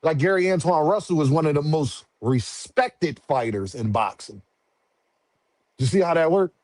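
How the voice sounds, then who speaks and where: A man holding forth on a livestream, loose and slangy, calling out to viewers as he rants. His voice sits a bit high for a man and comes across dry and close, with almost no room sound. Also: moderate pace, no echo. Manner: slangy, animated, talks back to chat. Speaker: boxing commentary streamer. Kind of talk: casual livestream commentary.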